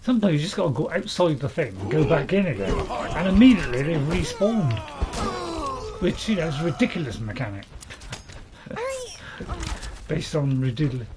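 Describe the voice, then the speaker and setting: A man's voice: on the high side, huge pitch swings, moderate pace, long pauses, very noisy. A man hosting his own channel, talking to himself through a gameplay commentary in a rambling, chatty way with frequent chuckles. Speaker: gaming channel host. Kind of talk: let's-play gameplay commentary.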